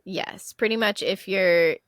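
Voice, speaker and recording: Young woman from Florida, podcast co-host. Chatty, quick to laugh, dry close mic. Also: medium pitch, a bit bright, no echo. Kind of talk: casual chat.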